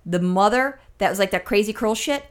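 A woman's voice: mid-range voice, fairly quick. A woman co-hosting a comedy podcast, telling a rambling story and swearing freely.

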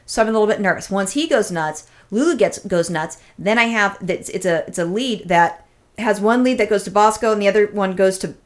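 Woman, podcast co-host, casual storytelling, profane, rambling, acts out quotes, middle pitch. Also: brisk.

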